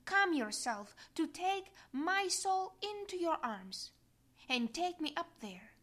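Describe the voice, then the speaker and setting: A woman voicing a devout, fervent soul pleading through tears in a slow devotional reading. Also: very high-pitched, big pitch swings, fairly bright tone, voice pushed up, heavily acted.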